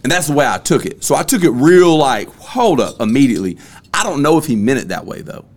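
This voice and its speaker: A man's voice: mid-range voice, big pitch swings, fast talker. A man, hosting a casual podcast and telling a story bluntly. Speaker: podcast host.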